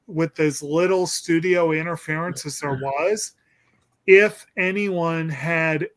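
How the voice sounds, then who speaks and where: A man's voice: on the high side, slow pace. A man hosting a casual movie discussion, rambling and hesitant with lots of ums and restarts. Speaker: podcast host.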